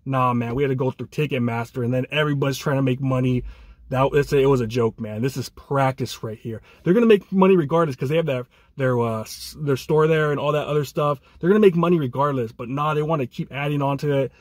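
A man's voice: mid-range voice, fast, a little mellow, no room sound. A man co-hosting a fan podcast, ranting angrily and ending phrases with "man". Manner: angry ranting, repeats "man". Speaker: podcast co-host.

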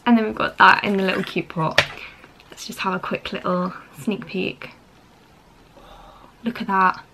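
A young woman talks to the camera in a casual home vlog, gushing and bubbly, full of fillers. Her voice sits at a middle pitch, with faint background noise and small clicks. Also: fairly even intonation, normal speed, gravelly, bright, forceful tone, rough recording. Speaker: beauty vlogger. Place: home, indoors.

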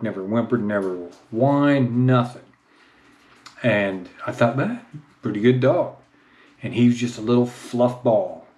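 A middle-aged man, telling a casual, self-mocking story at home in his home office. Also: mid-range voice. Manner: chatty, self-mocking, rises into excited baby-talk with the dog. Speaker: vlogger.

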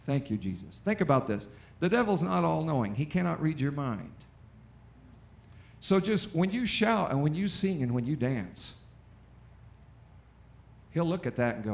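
An American man preaching a lively sermon in a church, with call-and-response and acted-out quotes. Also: on the high side, moderate pace, gravelly, pauses often. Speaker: pastor. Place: church auditorium.

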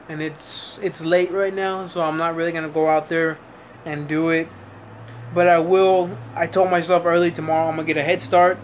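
Frustrated and rambling, a young man delivers a casual vlog monologue full of fillers and restarts. His pitch is fairly high, and there's slight background noise.

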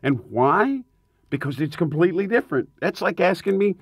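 A man, a touring rock singer, telling tour stories in a casual interview, animated and emphatic, laughing often. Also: sits high, moderate pace, slightly rough, no echo, clean studio sound.

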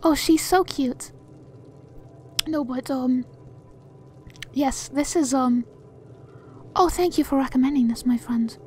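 High-voiced, excitable woman gaming. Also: slow pace, long pauses, faint music behind. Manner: jumpy, excitable reactions with frequent restarts. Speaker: let's play host. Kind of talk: casual gameplay commentary.

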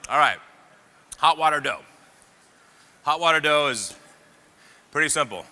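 A man's voice: on the high side, lively intonation, a little slow, pushed and bright. A chef talking a crowd through a live cooking demonstration, chatty and joking as he goes. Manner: joking, chatty, audience-engaging. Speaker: celebrity chef. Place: trade show demo stage. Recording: echoey hall with faint ambience.

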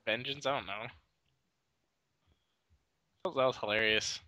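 A man's voice: medium pitch, unhurried, bright, forceful tone, dry recording. A man chatting and laughing a lot while playing a game with a friend. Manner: giggly, laughs often. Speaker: let's play co-host. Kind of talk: casual gameplay banter.

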